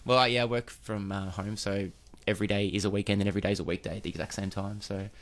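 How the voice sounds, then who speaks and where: A man's voice: fairly low pitch, flat delivery, quick pace. A man, a film director losing his voice, speaking hesitantly with many ums as a guest in a radio studio. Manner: hesitant, lots of ums and restarts. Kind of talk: casual radio interview guest. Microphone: studio microphone.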